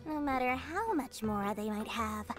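A sly high-voiced black-market merchant. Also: female voice, animated, measured pace, over music. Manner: sly, salesy, theatrical. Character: shrewd smooth-talking female black-market merchant. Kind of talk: video game voice acting.

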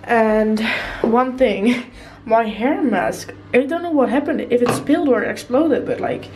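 Showing off her new apartment in a vlog, a young Dutch woman whose first language is Dutch giggles, laughs often, and swears without restraint. She speaks unhurriedly in a fairly high, expressive voice against a noisy background.

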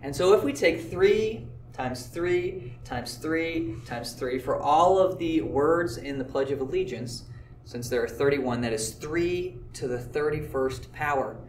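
A man with a fairly high, expressive voice teaches a math lesson in a classroom lecture video, explaining step by step in a relaxed way with the odd filler word. He speaks a little slowly; the sound is reverberant and picked up by a distant mic, with slight hiss or hum.

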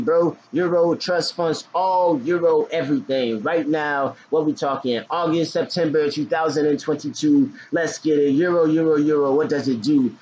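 A man's voice: mid-range voice, darkish tone. A man casually talking about forex trading in a loose, joking, slangy way with hyped outbursts. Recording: dull lo-fi recording with faint noise.

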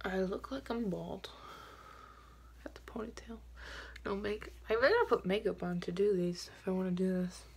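A young woman, talking excitedly and gushingly to the camera in a casual vlog, repeating herself as she goes. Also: mid-range voice, normal speed, vocal fry, a little hiss or hum. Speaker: vlogger.

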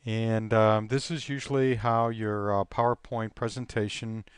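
Man, software tutorial, relaxed with lots of ums, smooth clear voice, dry close sound. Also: on the low side, measured pace, dry recording. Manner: relaxed, thinking aloud with many ums and uhs. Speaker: teacher. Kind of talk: screen-recorded software tutorial.

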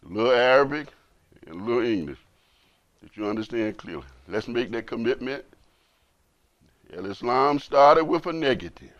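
A man's voice: mid-range voice, expressive, moderate pace, long pauses, no echo, dull audio. A man, an imam, giving an emotional, impassioned sermon and repeating phrases for emphasis.

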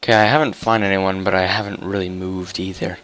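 A young man giving casual, chatty commentary while playing a video game, muttering to himself and getting excitable. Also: low-pitched, brisk, low-quality recording. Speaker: gaming YouTuber.

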